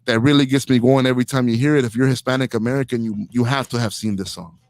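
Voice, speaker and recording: A man's voice: mid-range voice, steady tone, quick pace, darkish tone, no echo. A man from Inglewood hosting a podcast, delivering an opinionated comedic rant in heated slang. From Inglewood, Los Angeles. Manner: heated and slangy, peppering lines with "dog". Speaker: podcast host.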